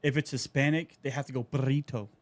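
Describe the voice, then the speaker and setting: A man's voice: mid-range voice, fairly quick. A man, co-hosting a podcast and riffing in a profane, ranting way. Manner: ranting, profane, animated tangents. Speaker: podcast co-host. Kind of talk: casual chat.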